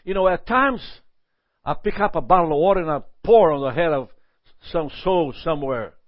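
A man teaching a Bible lesson in a lively sermon style, often asking "Amen?" and chuckling. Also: fairly high pitch, normal speed, no echo, highs cut off.

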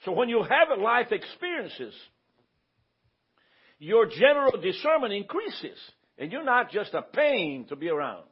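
A man's voice: sits high, big pitch swings, a little slow, breathy edge. A man teaching a Bible class in a conversational way, often checking that the room follows him. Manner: conversational, asks the room for confirmation. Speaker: pastor teaching a church class. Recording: dull lo-fi recording.

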